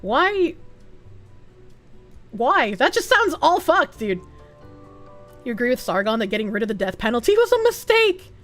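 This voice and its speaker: High, lively Bostonian woman streamer. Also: moderate pace, pauses often, faint music behind. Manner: blunt, profane, animated. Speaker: streamer reading chat. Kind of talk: casual livestream chat.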